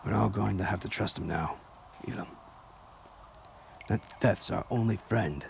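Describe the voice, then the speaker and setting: Tired commander voiced by a man, deep and low, quiet and clipped. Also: measured pace, vocal fry, a little hiss or hum. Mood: resigned. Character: weary, steady male commander, a prisoner.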